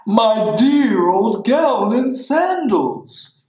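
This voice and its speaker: A woman voicing a gentle, soft-hearted male giant in a lowered, slow storybook voice. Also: big pitch swings, heavily acted. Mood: delighted. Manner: slow, deep put-on storybook voice. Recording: echoey room.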